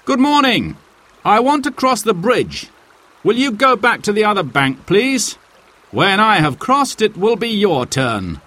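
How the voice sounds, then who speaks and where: A man's voice: fairly high pitch, sing-song, slow, fairly bright tone, pitched above the performer's own voice, heavily acted. A man reading a storybook aloud, voicing a bold, cheerful young outlaw archer with a proud, commanding manner. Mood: polite.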